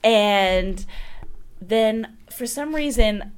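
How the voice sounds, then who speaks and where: A woman in her thirties, a guest in casual chat, telling stories in an animated, theatrical way and laughing often. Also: on the high side, drawn-out words, clean tone.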